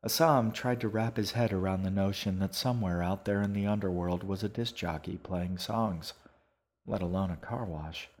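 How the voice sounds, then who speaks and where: A man narrating an audiobook in an even, unhurried storytelling manner. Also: low-pitched. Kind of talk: scripted narration.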